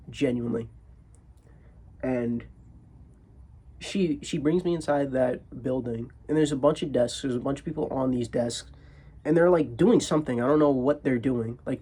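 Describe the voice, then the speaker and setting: A husky young man rambles through a comedic storytime, swearing constantly and tripping over restarts. His delivery is animated and full of exasperation, with a somewhat breathy edge to the voice. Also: mid-range voice.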